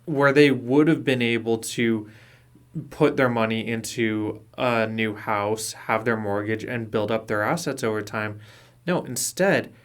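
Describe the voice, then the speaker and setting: Male podcast co-host, mid pitch, measured and opinionated. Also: fairly even intonation. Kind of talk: casual chat.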